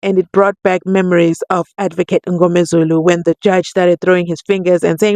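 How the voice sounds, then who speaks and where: A woman giving excited reaction commentary on a court case, exclaiming and acting out what people said. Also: fairly low pitch, a little fast, hardly any pauses, no room sound. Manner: excitable, exclaiming, playacting quotes. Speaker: commentary vlogger.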